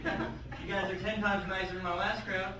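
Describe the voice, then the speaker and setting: A man's voice: high-pitched, flat delivery, normal speed. A male stand-up comic at an open mic, telling wry stories with playful asides to the crowd. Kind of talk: stand-up comedy set. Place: comedy club at open mic night. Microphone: handheld stage mic. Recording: echoey club, far from the camera, noisy. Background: crowd laughter.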